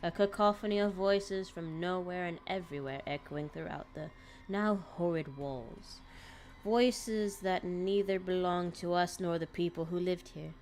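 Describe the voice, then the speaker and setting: A woman's voice: fairly low pitch, unhurried, a little mellow, a little hiss or hum. A woman streamer reading a visual novel aloud dramatically, breaking off with laughing asides.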